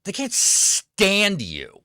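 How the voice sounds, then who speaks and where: A man's voice: high voice, huge pitch swings, extremely slow, sharp tone, no room sound, studio quality. Sarcastic, swearing man ranting on stream. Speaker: streamer host. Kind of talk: profane political rant.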